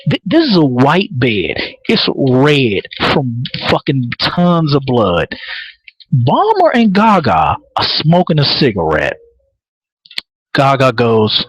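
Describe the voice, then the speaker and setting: Animated, profane man recapping a show. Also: mid-range voice, breathy edge, no room sound, poor audio. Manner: profane, excitable, laughing often. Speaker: podcast host. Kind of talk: casual live recap.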